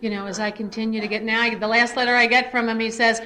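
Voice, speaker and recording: A middle-aged woman giving a personal testimony at a recovery meeting. She tells her story in an animated, earnest way and shifts into spiritual reflection. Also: quick pace, few pauses. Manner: animated storyteller, swings to high excited re-enactment. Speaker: speaker sharing at a recovery meeting.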